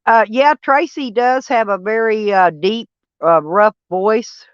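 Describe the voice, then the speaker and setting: A woman's voice: on the high side, slow, smooth, dry recording. A woman with a Southern American accent chatting casually on a livestream, rambling and answering viewers by name. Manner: rambling, talks back to chat by name. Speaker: vlogger reading live chat. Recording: dull lo-fi dry sound.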